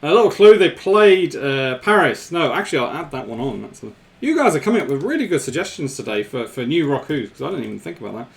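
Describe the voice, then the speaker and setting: A man hosts a live stream in a casual, chatty way. His pitch sits a little high and swings widely as he talks. He laughs often and repeats himself. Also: very animated, quick pace, vocal fry, few pauses.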